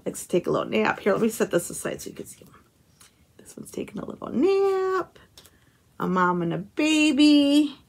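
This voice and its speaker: A woman hosting a craft channel, chatting casually to camera as she opens handmade cards and stickers, gushing and exclaiming often with little chuckles. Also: high-pitched. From United States. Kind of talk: casual unboxing chat to camera.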